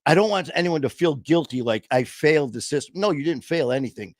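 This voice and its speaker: A man's voice: fairly high pitch, lively intonation, fairly quick, no room sound, studio quality. A man guest on a podcast, telling his recovery story bluntly, cursing freely and acting out both sides of conversations. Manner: blunt, profane, acts out dialogue. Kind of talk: candid storytelling interview.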